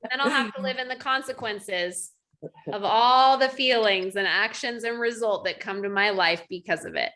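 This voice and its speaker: Animated high-voiced woman coaching on a call. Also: normal speed. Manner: animated, acts out her own thoughts in quotes. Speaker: life coach. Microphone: video call.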